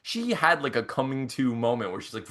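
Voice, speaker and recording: Lively, bright-voiced man telling stories. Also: medium pitch, moderate pace. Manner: animated storyteller, laughs often, acts out quotes. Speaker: podcast co-host. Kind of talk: casual chat.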